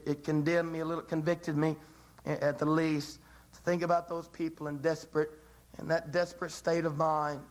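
Male preacher, high tenor voice, fervent and repetitive delivery, sermon style. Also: poor audio. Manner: impassioned, repetitive, with dramatic rises.

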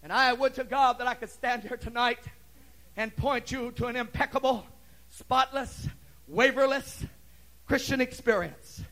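Middle-aged preacher guy, really high voice, fervent folksy sermon, keeps saying praise god. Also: a little slow, low-quality recording. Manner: impassioned preaching, swinging loud and soft. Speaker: pastor.

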